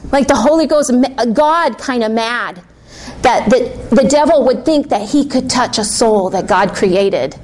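A woman preacher telling a personal story in a lively sermon to a church congregation, laughing often. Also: fairly high pitch, unhurried.

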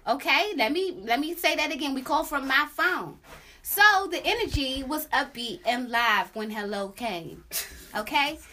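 A young adult woman hosting a podcast, telling a story in casual chat, animated and profane, with sung la la la asides. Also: high-pitched, normal speed, slight background noise. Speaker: podcast host.

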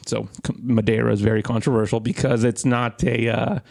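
A man in his thirties co-hosting a podcast, telling an animated story in casual chat and swearing freely. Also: mid-range voice, brisk, gravelly. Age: 30s. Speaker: podcast co-host.

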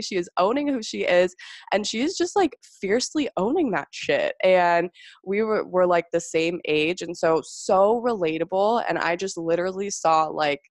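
A woman's voice: medium pitch, no echo, studio quality. A young woman hosting a podcast in casual chat, gushing and swearing freely, with lots of fillers. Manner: gushing, profane, filler-heavy. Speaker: podcast host.

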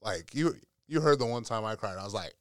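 A young man, a podcast guest, chatting casually and telling animated stories with playful voice impressions. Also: lowish voice, brisk, no room sound, clean studio sound. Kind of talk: casual chat.

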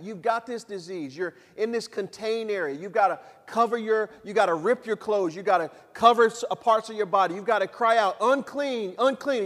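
A man preaching a sermon as pastor, animated, acting out voices and leading the congregation in prayer. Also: sits high, in a large hall. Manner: animated preaching, acts out voices and calls the crowd to repeat.

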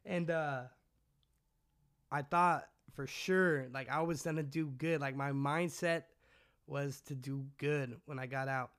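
A man's voice: on the high side, steady tone, takes it slowly, a bit bright, clean tone. A man from California telling his own story in an interview, in a casual, profane and rambling way, full of slang. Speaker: guest recounting his past.

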